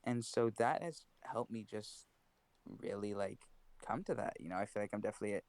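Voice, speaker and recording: Relaxed teenage guy with a low voice. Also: a little fast, no echo. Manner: relaxed, reflective, swears casually. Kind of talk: casual chat.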